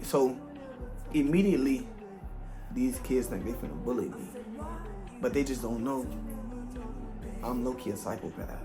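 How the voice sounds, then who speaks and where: A man's voice: medium pitch, measured pace, pauses often, over music. Slangy young man telling a storytime tale. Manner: animated, casual slangy storytelling. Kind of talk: storytime vlog.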